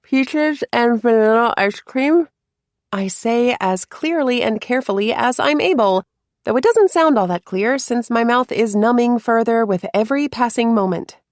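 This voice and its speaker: A woman narrating a first-person romance story in a soft, confiding way, with hushed asides. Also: a little high, animated, moderate pace, dry recording, studio quality.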